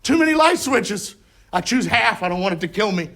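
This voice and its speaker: Bright high-voiced comedian telling stories. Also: male voice, sing-song, fairly quick, a little hiss or hum. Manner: punchy anecdotes with sudden loud outbursts. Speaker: stand-up comedian. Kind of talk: stand-up storytelling.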